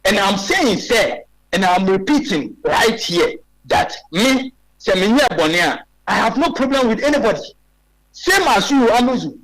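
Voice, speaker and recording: A man's voice: high voice, sing-song, moderate pace, fairly bright tone, poor audio. A man in his forties with a Ghanaian accent, a guest on a radio talk show, making his case emphatically and firing off rhetorical questions. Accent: Ghanaian English. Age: 40s.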